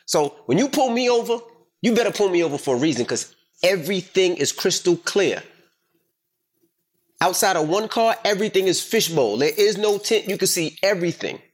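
A middle-aged man hosting a casual podcast chat, telling a story in an emphatic, profane, animated way. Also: sits high, moderate pace. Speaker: podcast host.

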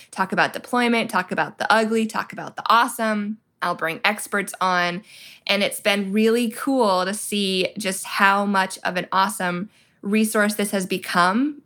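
Young woman guest, chatty and animated, middle-pitched, acts out dialogue as she tells it. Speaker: podcast guest, military spouse. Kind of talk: casual storytelling interview.

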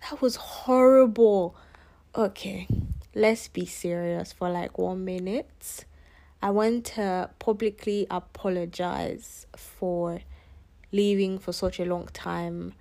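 A woman's voice: on the low side, fairly even intonation, takes it slowly, gravelly, mellow. A young adult woman hosting a solo podcast, chatting in a sarcastic, playful and giddy way. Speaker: podcast host. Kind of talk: casual solo podcast chat.

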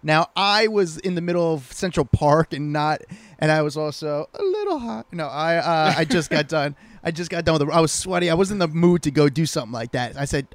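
A man with a slightly high voice co-hosts a podcast, recorded close and dry. He tells teasing stories in an animated, casual way. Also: brisk, no echo. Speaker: podcast co-host.

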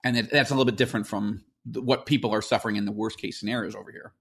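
A man's voice: on the low side, fairly even intonation, rapid-fire, breathy edge. A man hosting a podcast, explaining earnestly in casual talk, with fillers and restarts. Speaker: podcast host.

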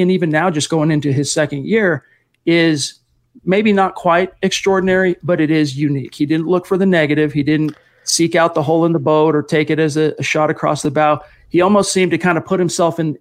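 A man hosting a sports podcast, talking at length with detours and self-corrections. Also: fairly high pitch. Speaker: podcast host. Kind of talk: casual sports podcast chat.

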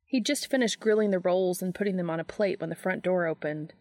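A woman narrating a fan fiction audiobook in a steady, measured way. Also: lowish voice, dry recording.

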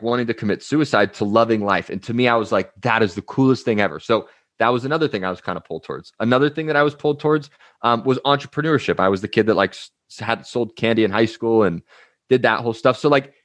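Energetic man telling stories, dry sound. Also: mid-range voice, no echo. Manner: energetic storyteller, uses anecdotes and acted-out quotes. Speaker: guest, life coach. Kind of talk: casual interview talk.

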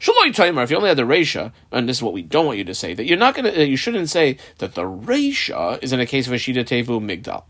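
A man's voice: mid-range voice, wildly swooping pitch, fast, few pauses, fairly bright tone. Man teaching a Talmud page step by step. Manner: explains step by step, marking up the text aloud. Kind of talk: text study lesson.

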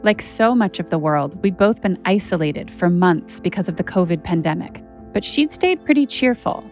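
A woman's voice: lowish voice, animated, normal speed, a little mellow, faint music behind. A woman journalist telling a personal story as a podcast narrator, candid and conversational with frequent "like" fillers.

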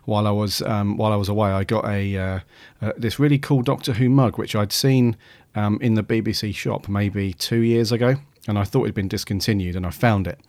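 A man's voice: lowish voice, fairly even intonation, fairly quick, few pauses, darkish tone, dry recording. A man co-hosting a podcast in casual chat, talking hesitantly with lots of ums. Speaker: podcast co-host.

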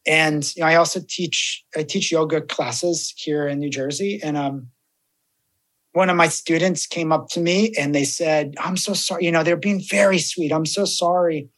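A man's voice: a little high, moderate pace. A man who works as a death doula, chatting as a podcast guest and acting out the voices in his stories. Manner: animated storyteller, acts out quoted voices. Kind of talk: casual podcast chat.

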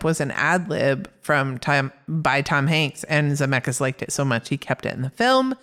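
A woman's voice: low voice, expressive, moderate pace, hardly any pauses, a bit bright. A woman co-hosting a casual podcast chat, reading out film facts in an upbeat way. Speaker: podcast co-host.

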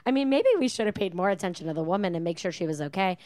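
A woman's voice: fairly low pitch, very fast, no room sound, clean studio sound. A woman telling stories in casual podcast chat, often acting out the people in them. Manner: animated storyteller who acts out customers.

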